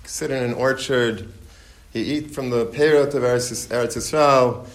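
A man's voice: mid-range voice, moderate pace, close to an everyday voice. A man voicing a newly arrived immigrant, marveling at the country. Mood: amazed. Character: amazed young male new immigrant.

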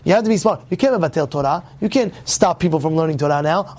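A man's voice: high voice, expressive, fast talker, few pauses, darkish tone. A man teaching a religious class to his congregation, emphatic, repeating himself and asking rhetorical questions.

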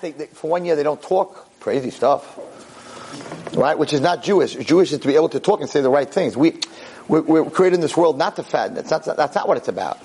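Animated rabbi telling a story. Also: male voice, on the high side, brisk, slightly rough, low-quality recording. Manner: animated, self-interrupting, wry. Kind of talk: storytelling talk to an audience.

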